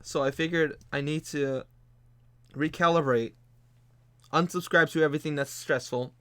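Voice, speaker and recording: A man's voice: a little high, steady tone, normal speed, a bit bright, clear, resonant tone, no room sound. A man hosting a casual livestream while he works on artwork, rambling and repeating his phrases with frequent restarts. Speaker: streaming artist host.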